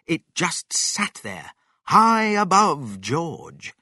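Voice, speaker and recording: A reader narrating a children's story slowly and expressively. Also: mid-range voice, slightly rough, no room sound, studio quality. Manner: slow, expressive, sing-song.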